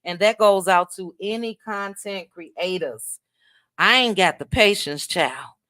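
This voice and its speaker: Midwestern woman, casual livestream host, talkative and friendly with chat; smooth, resonant tone, dry recording. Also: medium pitch, takes it slowly, bright, forceful tone, no echo. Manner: chatty, thanks viewers by name, drops "child" asides. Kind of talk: casual livestream chat reading viewer comments.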